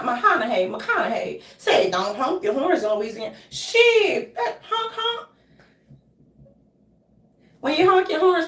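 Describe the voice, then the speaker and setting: A woman vlogger rambles to her viewers in an emotional way, her voice often leaping up. Her voice sits a little high, and it comes from some distance off the mic in a room that echoes. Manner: emotional and rambling, with sudden leaps in pitch. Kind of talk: casual monologue to viewers.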